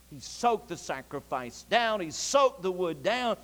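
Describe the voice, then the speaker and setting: High-voiced folksy preacher in a reverberant church. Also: male voice, normal speed, few pauses. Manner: folksy, animated storytelling with Southern dialect. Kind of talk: sermon. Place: church sanctuary.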